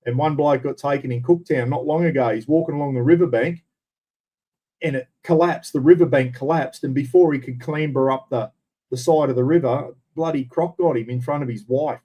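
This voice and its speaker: Blunt Australian man, mellow voice. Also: mid-range voice, fairly quick. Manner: blunt, rambling, casual swearing. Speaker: livestream host. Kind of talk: casual livestream chat answering viewers.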